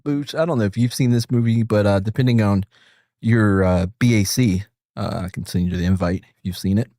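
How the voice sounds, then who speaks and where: A man with a lowish, dark-toned voice speaks fairly quickly in a clean studio recording without echo. Reacting to a video with friends on stream, he rambles through casual chat, jokes around, and chuckles often.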